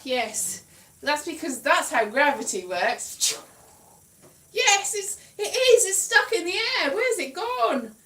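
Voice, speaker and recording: A woman from Wales rambles through a casual livestream chat, giggling and teasing herself. Her fairly high voice swoops up and down with lots of animation. She sits back from the mic in an echoey room. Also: very animated, a little slow, sharp tone, recorded from a distance. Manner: rambling, self-mocking, giggly. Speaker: comedian.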